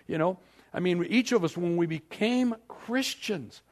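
A male pastor preaching a sermon, acting out scripture scenes with animated storytelling. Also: a little high, normal speed.

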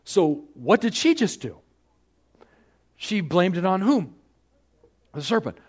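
A man preaching a sermon, asking the congregation rhetorical questions and swinging from hushed to loud. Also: high voice, very animated, slow pace, slightly rough. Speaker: pastor.

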